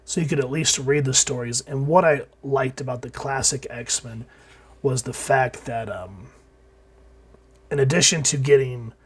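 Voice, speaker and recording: A man with a mid-range voice talks a little slowly as he casually reviews an old comic book. He sounds sick and hoarse, often using fillers and restarting his sentences.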